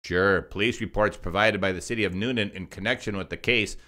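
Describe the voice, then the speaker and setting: A man's voice: lowish voice, brisk, sharp tone. A man reads consumer news reports. He delivers them as a co-host and drops mocking, sarcastic remarks between the facts. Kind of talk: scripted news commentary.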